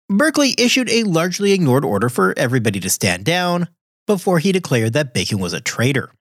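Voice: mid-range voice, breathy edge, no room sound, studio quality. A podcast host reading scripted history narration in a wry way, dropping casual asides.

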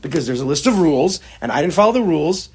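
A man teaching a class on a religious text, expressive and acting out the quotes as he explains them. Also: fairly high pitch, fast talker, a little hiss or hum. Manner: expressive, acts out quotes, mixes Hebrew terms. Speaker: Torah teacher.

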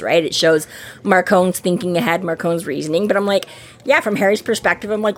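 A woman's voice: medium pitch, quick pace. A woman co-hosting a casual book podcast, laughing often and acting out characters' lines as she talks. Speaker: podcast co-host. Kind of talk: casual book discussion chat.

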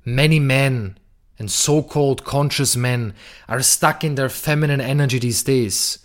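Slow, emphatic man with a blunt delivery. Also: mid-range voice. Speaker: podcast host. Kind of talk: monologue on masculinity and relationships.

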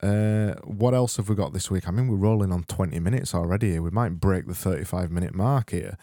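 Low, mellow sardonic British-born man. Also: brisk, no echo, studio quality. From Britain. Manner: rambling, sardonic. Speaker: podcast host. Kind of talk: comedic solo podcast.

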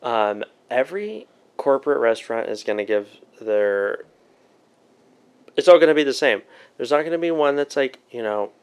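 A man's voice: medium pitch, animated, moderate pace, clean tone. Young guy a bit tipsy, hiccups, casual swearing while he chats. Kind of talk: casual podcast chat.

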